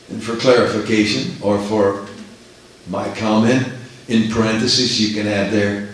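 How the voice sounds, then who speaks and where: A man's voice: fairly low pitch, fairly even intonation, measured pace, a little hiss or hum. A man preaching a sermon emphatically, acting out the voices in scripture. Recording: echoey room.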